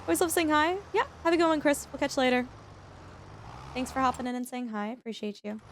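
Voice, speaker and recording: While live-streaming a farming game, this woman talks fast in a high-pitched, lively voice, answering chat in a chatty, rambling manner packed with fillers. A little hiss or hum can be heard.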